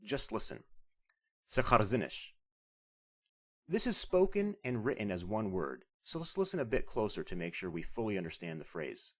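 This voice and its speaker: A man narrating a scripted language lesson as the instructor, explaining clearly and patiently. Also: on the low side, big pitch swings, a little fast, hardly any pauses.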